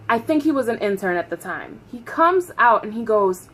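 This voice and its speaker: A woman in her thirties telling a story on her vlog, animated and profane, often laughing. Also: mid-range voice, normal speed, slightly rough. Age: 30s. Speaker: vlogger.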